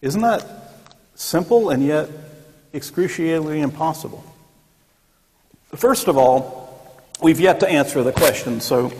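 A man's voice: a little high, big pitch swings, measured pace, long pauses, darkish tone, a little hiss or hum. Man teaching Sunday school. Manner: conversational, joking asides, acts out quotes. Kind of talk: church Sunday school lesson. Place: church classroom. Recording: long echoey church room.

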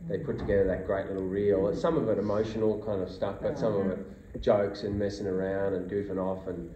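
An Australian man in casual chat as a guest actor at a convention panel, telling animated anecdotes and acting out quotes. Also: fairly quick. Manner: animated storyteller, acts out quotes in a high voice. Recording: roomy hall, dull lo-fi sound, noisy.

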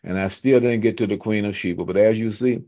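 A man teaching a church Bible study, retelling scripture in loose everyday speech with humorous asides and emphatic, slowed-down stresses. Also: fairly low pitch, dark tone. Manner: fired up and emphatic, slowing to stress key words.

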